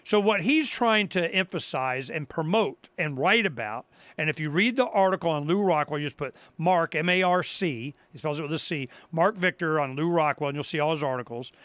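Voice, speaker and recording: An older man hosting a talk radio show, his voice high and bright. He tells a story in a loose, rambling way, restarting his sentences and acting out the people he quotes. The sound is close and dry, with no room around it. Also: a little fast, no room sound. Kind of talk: casual talk-radio monologue.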